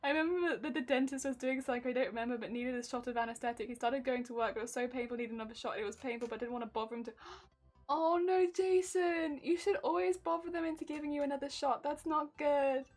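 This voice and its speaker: A woman streamer chatting casually with her viewers, telling animated stories and laughing often. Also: sits high, fast, soft background music. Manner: reads and answers viewer chat. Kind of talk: casual live-stream chat.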